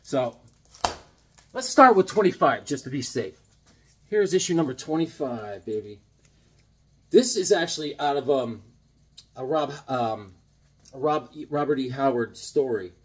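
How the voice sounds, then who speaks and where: A man casually chatting about comic books, animated and playful, with a husky voice. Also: mid-range voice, unhurried, pauses often. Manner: animated, playful, jumps into silly character voices. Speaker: comic book vlogger. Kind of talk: casual chat, acting out comic panels.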